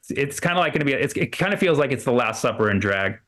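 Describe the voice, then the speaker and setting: A man's voice: mid-range voice, lively intonation, fast talker, a bit bright. A man doing a loose, rambling stand-up comedy set in a comedy club, full of fillers and restarts.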